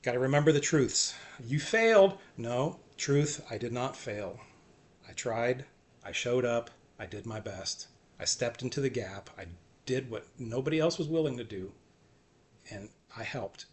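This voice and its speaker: A man giving an earnest, self-encouraging faith talk, repeating short phrases and often trailing off softly. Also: mid-range voice, a little slow. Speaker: faith vlogger. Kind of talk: personal faith talk to camera.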